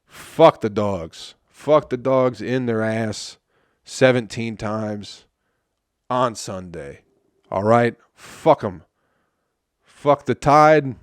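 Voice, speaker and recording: A man's voice: fairly low pitch, slow, no room sound, studio quality. Profane, exasperated man ranting on a podcast. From Flint, Michigan. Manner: profane, exasperated ranting with sudden loud outbursts. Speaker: comedian podcast host. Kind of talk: solo comedic podcast rant.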